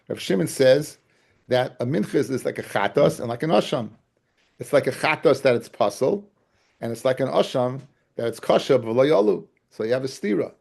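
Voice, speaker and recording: A man's voice: medium pitch, vocal fry, darkish tone, breathy edge. A man teaching a Talmud class, repeating key points and often asking his students whether they follow. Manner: keeps checking his class understands, calls them guys and fellas; repeats key phrases and restarts to drive points home. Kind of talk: Talmud study lecture.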